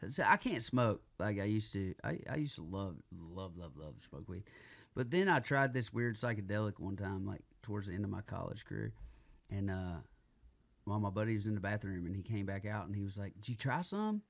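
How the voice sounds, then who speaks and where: Male guest, low voice, rambling profane storyteller. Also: a little fast, gravelly. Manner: storytelling, swears freely, bursts into loud laughter. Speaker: guest musician. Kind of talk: casual chat.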